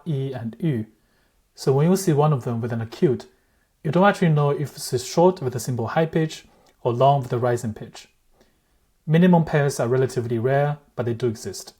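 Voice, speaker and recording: Breathy-voiced man explaining carefully. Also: mid-range voice, darkish tone. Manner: measured, careful, demonstrates word pronunciations aloud. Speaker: language teacher. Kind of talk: explanatory lesson narration.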